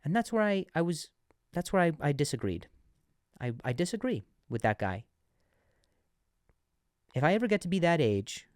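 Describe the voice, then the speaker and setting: A man who stutters, hosting a comedy podcast and telling animated, self-mocking stories. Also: fairly low pitch, dry recording, studio quality. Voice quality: stutter, frequent repeated words. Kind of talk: comedic storytelling.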